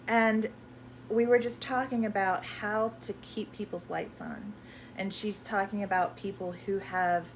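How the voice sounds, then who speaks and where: A woman's voice: mid-range voice, a little hiss or hum. A woman hosting a live question-and-answer stream, talking casually and rambling with many fillers and restarts.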